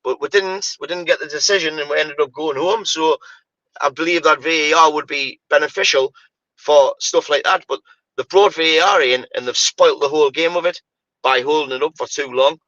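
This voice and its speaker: Male podcaster, bright forceful delivery, exasperated football rant, dry lo-fi sound. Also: on the high side, moderate pace, no room sound. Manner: animated, exasperated ranting with repeated "mate" and "you know, like". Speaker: podcast co-host. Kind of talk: casual football podcast chat.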